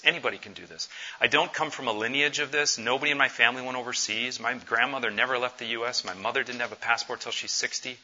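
A man in his forties gives an earnest, conversational conference talk, pausing on fillers as he goes. His voice has a bright, forceful edge. The recording sounds dull and lo-fi. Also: mid-range voice, breathy edge. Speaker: missions conference speaker.

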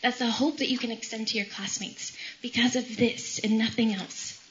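A woman's voice: a little high, fairly even intonation, moderate pace, dull audio, a little hiss or hum. A woman in her thirties giving a tearful, emotional faith talk to medical trainees, with many fillers. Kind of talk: faith talk with scripture reading and personal story.

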